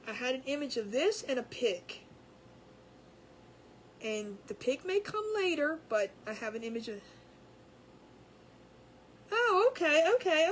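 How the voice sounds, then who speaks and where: A high-voiced woman chats her way through a craft livestream from home. She rambles and laughs easily with her viewers. A faint hum runs under her voice. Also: poor audio. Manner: chatty, rambling, laughs often. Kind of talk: casual chat with live viewers.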